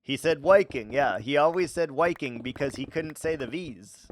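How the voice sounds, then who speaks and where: A man's voice: on the high side, moderate pace, a little hiss or hum. A man streaming live and chatting casually with his viewers, laughing often and stammering through his reactions.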